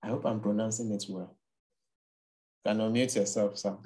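A man guides an online faith group over a video call. He speaks in a measured, encouraging way and affirms the people who share. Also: on the low side, steady tone, dark tone. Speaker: study group leader.

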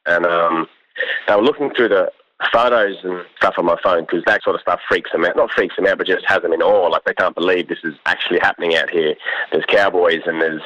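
A young Australian man, a cattle station worker, telling a long story in a relaxed, rambling way and laughing often. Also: low-pitched, fairly quick, highs cut off. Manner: laid-back, rambling, laughs often, quotes others in lively voices. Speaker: cattle station ringer, guest. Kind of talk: casual storytelling.

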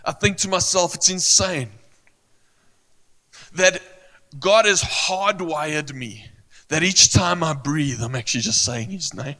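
A man preaching a sermon as pastor, earnest and emphatic, repeating phrases with searching pauses and audibly emotional. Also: a little high, pushed and bright. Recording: long hall reverb.

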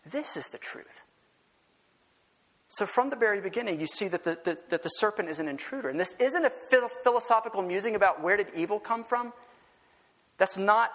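In a church sanctuary whose long reverb carries his words, a male pastor with a fairly high pitch gives a lively sermon. He leans heavily on rhetorical questions and forceful repetition.

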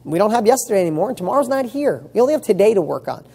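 With a high, sing-song, rapid-fire delivery, this real estate coach sounds gravelly, husky and darkish in tone. He speaks emphatically in his motivational talk, rattling off rhetorical questions and cursing casually.

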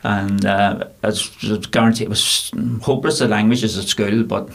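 A bartender with a Belfast accent telling rambling, animated anecdotes in a casual interview. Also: male voice, on the low side, normal speed, vocal fry.

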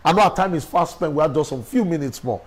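A man's voice: a little high, animated, quick pace, rough recording. A middle-aged man delivering a sermon as a preacher, emphatic and full of rhetorical questions.

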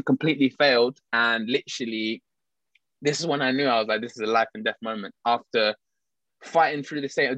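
A man telling a story in casual chat, animated, laughing often and restarting his sentences. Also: medium pitch, dry recording, muffled recording.

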